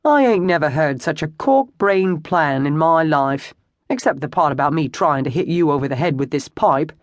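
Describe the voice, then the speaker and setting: An audiobook narrator voicing a rough older man, a former lawman turned hired thug, wry and sardonic. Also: medium pitch, expressive, moderate pace, dry recording, lightly acted. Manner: sardonic, dry wit.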